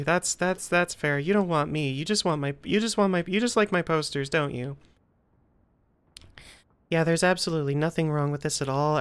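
A woman's voice: on the low side, clean tone. A young woman giving nervous, joking commentary while playing a horror game, often repeating herself. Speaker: gaming video creator.

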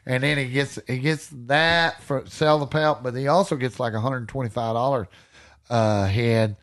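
A man with a Texan accent, a podcast guest telling animated stories with folksy country slang and frequent laughter. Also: medium pitch, moderate pace. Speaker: podcast guest, hunting storyteller. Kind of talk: casual storytelling.

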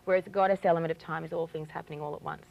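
A woman with an Australian accent talks quickly in a slightly low voice. She is a chatty, eager interview guest who fills her speech with little fillers. The audio sounds a bit dull and lo-fi, like an old TV recording. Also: fairly even intonation, vocal fry. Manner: chatty and eager, many "you know" fillers. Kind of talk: casual TV interview, explaining ritual objects.

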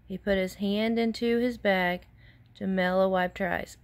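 A woman's voice: medium pitch, little pitch movement, normal speed, no echo. A woman teacher reading a picture book aloud to children and asking them questions between pages.

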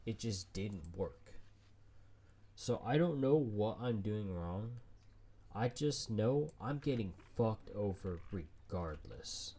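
Male game streamer, low unhurried voice, constant angry swearing. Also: expressive, warm tone. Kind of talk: let's play commentary.

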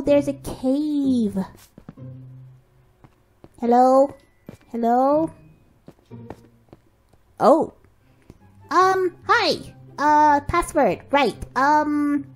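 A woman giving excitable let's-play commentary, gasping and cooing at her pet as she narrates her play. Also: sits high. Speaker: game video creator.

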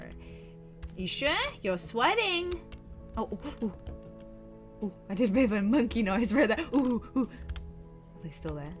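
A woman playing a gasping, sneaky young student. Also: medium pitch. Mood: playful. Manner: excitable, gasping, chatty whispering asides. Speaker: voice actor in a game-based story series. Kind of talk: Minecraft roleplay acting.

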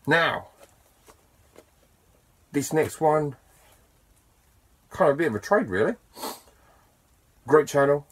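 A man's voice: mid-range voice, husky. Enthusiastic man, chatty vlogger. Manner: chatty and enthusiastic, with bursts of excitement and self-deprecating asides. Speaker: YouTuber. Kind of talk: casual to-camera vlog talk.

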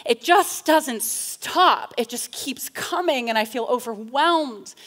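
A woman's voice: high voice, animated, fairly bright tone. A woman giving a reflective Bible talk, reading psalm passages with feeling and often asking "right?". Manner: slow, earnest, with frequent rhetorical "right?"; reads psalm passages with rising intensity. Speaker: teacher in a church class.

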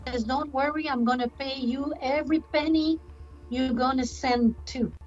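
An older woman telling her story in an interview, hesitant and full of pauses. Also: high voice, fairly even intonation, a little mellow. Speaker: scam victim interviewee. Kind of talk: slow halting interview testimony. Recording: dull documentary clip with music.

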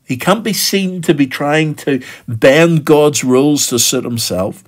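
A middle-aged male pastor offers an earnest devotional reflection on a Bible story, acting out quoted voices and dropping in the occasional filler between phrases. His voice is fairly high and a little slow.

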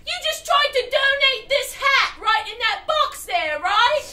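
A woman doing live character comedy as an earnest, odd young man raised in a hat donation box, talking loud and insistent. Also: very high-pitched, lively intonation, unhurried, full character voice. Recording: roomy stage sound from far off, noisy.

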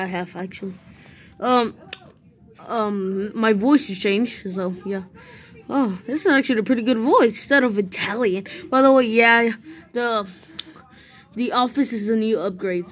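A woman doing every voice in a fan-made cartoon, playful and jokey, stepping out of character to chat. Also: medium pitch. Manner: playful, jokey, quick switches between voices. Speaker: animator voicing a fan cartoon. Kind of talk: fan animation voice acting.

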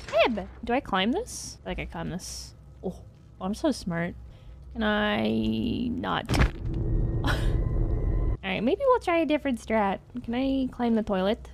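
A young woman streaming a game, chatting to herself with lively swings in pitch, swearing and shrieking in sudden bursts. Her voice sits fairly high, and steady noise runs under the recording. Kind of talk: casual gaming commentary.

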